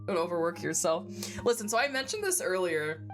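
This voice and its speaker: In a lowish voice with big pitch swings, a woman streamer chats fairly quickly while playing a game. She giggles a lot, curses freely, and sounds congested and phlegmy. Game music can be heard behind her.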